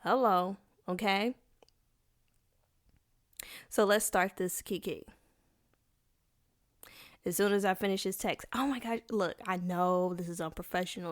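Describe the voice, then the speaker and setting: A woman's voice: mid-range voice, fairly even intonation, unhurried, long pauses. Young woman, solo podcast host, casual rambling chat, playful slang, mid-range voice.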